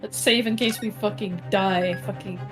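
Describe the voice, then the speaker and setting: A woman's voice: mid-range voice, steady tone, moderate pace. A woman chatting casually while streaming a game, blunt and swearing. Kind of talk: casual let's-play chat. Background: game music.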